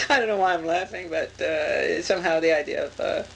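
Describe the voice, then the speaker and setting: An actress playing a giggly, theatrical trance medium who coaxes a spirit to speak in a comic séance. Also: female voice, low voice, creaky, a little hiss or hum, low-quality recording. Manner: animated, giggling, coaxing.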